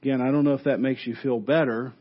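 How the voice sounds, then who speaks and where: Guy pastor giving a sermon, lively storytelling, kinda muffled church recording. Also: medium pitch, quick pace. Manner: animated storytelling with repeated restarts.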